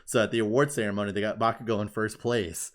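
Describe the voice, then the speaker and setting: A man casually retelling a story on a podcast, excitable and profane, full of "like" and swearing. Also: lowish voice, fast talker. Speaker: podcast co-host. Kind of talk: casual chat, retelling an anime plot.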